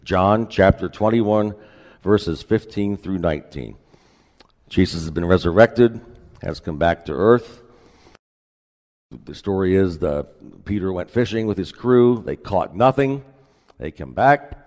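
A man pastor preaching a sermon in a relaxed, conversational way with folksy asides, in a church sanctuary. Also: sits low, unhurried, long pauses, long reverb tail.

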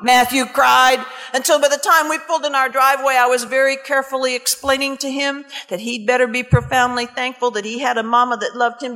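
Woman preacher storytelling, animated, bright sharp voice, echoey hall. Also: sits high. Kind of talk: sermon storytelling.

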